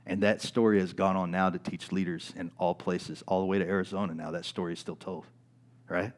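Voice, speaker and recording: A middle-aged male pastor preaching in a church, his voice sitting a little low. He tells stories in the sermon, keeps checking in with the congregation, and moves from loud peaks to hushed lines. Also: flat delivery, a little fast. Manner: storytelling with frequent "right?" asides, swings from loud to quiet.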